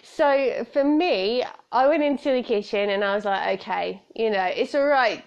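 A woman's voice: a little high, expressive, moderate pace, gravelly. A British woman in her thirties hosting a solo podcast, chatty and rambling, often breaking into laughter. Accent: British English. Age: 30s. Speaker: podcast host. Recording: slightly dull lo-fi sound.

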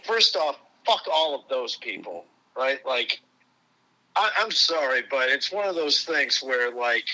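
A man's voice: medium pitch, animated, a little slow, pushed and bright, low-quality recording. A middle-aged American man and veteran, ranting angrily with heavy swearing and a repeated "right?" as a podcast guest. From United States. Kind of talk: profane angry rant.

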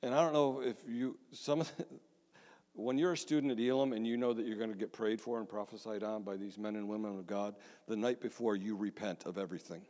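A man's voice: on the low side, steady tone, fairly quick, warm tone. Pastor telling his story in a reverberant hall. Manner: conversational, self-deprecating storytelling with restarts. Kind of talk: sermon testimony.

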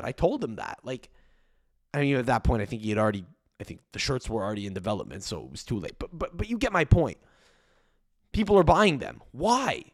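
A man's voice: dry recording, clean studio sound. Profane rambling podcast guy. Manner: profane, rambling, animated rant with sudden pitch jumps. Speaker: podcast host. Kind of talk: solo ranting podcast monologue.

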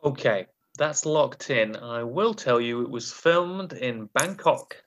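A man hosting a comedy podcast, reading out quotes and acting out silly movie lines in a quick, joking way. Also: mid-range voice, lively intonation, a bit bright. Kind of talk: comedic casual chat.

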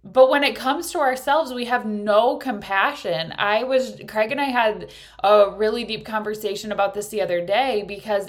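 A woman in her thirties with children, hosting a casual spiritual talk in a candid, earnest way and swearing now and then. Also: medium pitch. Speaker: podcast host.

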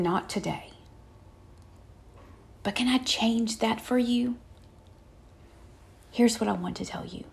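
A woman preaching a conversational sermon in an earnest tone, often turning to her listeners with a quick "right?". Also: medium pitch, gravelly, darkish tone.

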